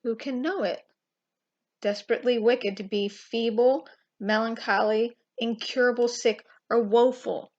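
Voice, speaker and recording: A woman giving an informal, impassioned Bible teaching, emphatic and full of pauses and restarts. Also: fairly high pitch, fairly even intonation, darkish tone, muffled recording. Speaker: Christian teacher.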